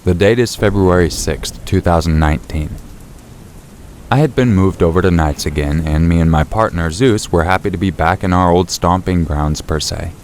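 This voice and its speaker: A man narrating a true scary story in the first person, in a steady, low-key storytelling voice. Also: normal speed, slight background noise. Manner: steady, low-key storytelling, rising sharply for shouted quotes. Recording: faint rain and thunder behind.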